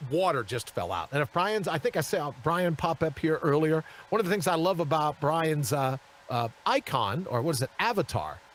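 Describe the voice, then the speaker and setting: Animated, lively male show host. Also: a little high, a little hiss or hum. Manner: animated, acts out the people in his stories. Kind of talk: storytelling monologue on a live show. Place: studio.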